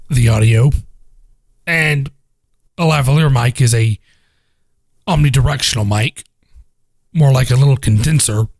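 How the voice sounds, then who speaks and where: A man's voice: medium pitch, a little mellow. A young man hosting a casual home cooking vlog, rambling, joking and swearing, recorded on a lavalier mic in a kitchen. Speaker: cooking vlogger. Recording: fridge hum in the background.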